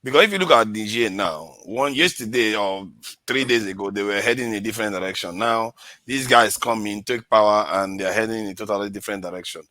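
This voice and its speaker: A man hosting an online call-in talk show, measured and easygoing with small fillers. His voice is bright and forward, recorded dry and close. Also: lowish voice, no room sound. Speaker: host.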